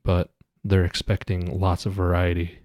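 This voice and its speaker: Man, chef, podcast guest, eager, lower voice, dry sound. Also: monotone, moderate pace, a little mellow, dry recording. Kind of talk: casual chat.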